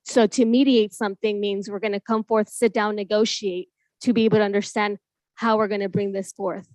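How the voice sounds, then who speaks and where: A woman's voice: mid-range voice, little pitch movement, fairly quick, darkish tone, no echo. A woman council member questioning staff, persistent, explaining her point step by step. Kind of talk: formal questioning in a meeting.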